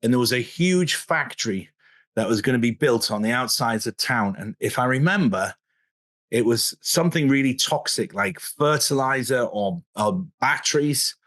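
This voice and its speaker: A man in a casual video interview, telling stories in an animated way and often chuckling mid-sentence. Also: medium pitch, normal speed.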